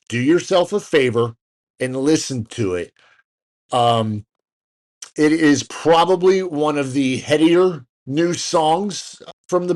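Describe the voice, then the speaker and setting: A man's voice: a little high, darkish tone. A man co-hosting a casual podcast, rambling through news with fillers, restarts and jokey asides. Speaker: podcast co-host. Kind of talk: casual chat.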